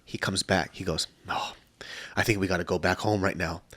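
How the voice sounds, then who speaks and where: A man in his thirties hosting a podcast, telling stories in a casual, animated way, swearing often and laughing a lot. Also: deep voice, fairly quick. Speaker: podcast host. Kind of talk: casual chat.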